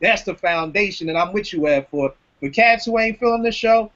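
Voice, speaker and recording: A man hosting a casual podcast chat, talking with animated, slangy emphasis. His voice sits fairly high for a man. The recording sounds dull and lo-fi. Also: normal speed. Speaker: podcast host.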